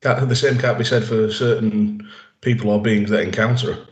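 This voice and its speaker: A man with a lowish voice and flat delivery speaks at a moderate pace, in an echoey room with lo-fi sound. As a co-host of a casual podcast, he gives long, rambling, enthusiastic episode recaps packed with fillers and restarts.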